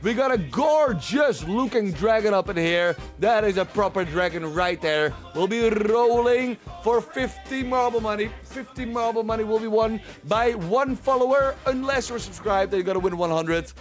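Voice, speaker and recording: A man's voice: sits high, normal speed, few pauses, soft background music. A man hosting a livestream, chatting casually and rambling, often repeating himself as he talks to his chat. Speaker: livestream host. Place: at home, streaming.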